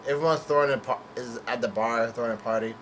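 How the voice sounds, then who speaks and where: A man's voice: medium pitch, steady tone, fast talker, a bit bright, a little hiss or hum. Hesitant man recapping a comic chapter. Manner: hesitant, full of fillers and self-corrections, casual swearing. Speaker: manga chapter reviewer. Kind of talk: casual chapter recap read-through.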